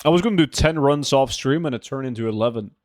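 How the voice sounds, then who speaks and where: Quick-paced and animated, this man's mid-range voice fills a casual game stream where he rambles, jokes, and reads viewer messages out loud. A desk microphone gives a dry, studio-quality recording.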